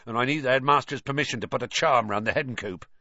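A man voicing a huge, gruff, kindhearted gamekeeper. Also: medium pitch, quick pace, sharp tone, no room sound, pitched above the performer's own voice. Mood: concerned. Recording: dry, slightly muffled audio.

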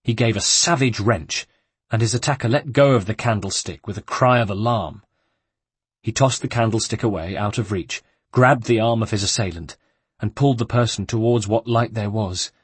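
Low husky male audiobook narrator. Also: no room sound. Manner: steady measured reading.

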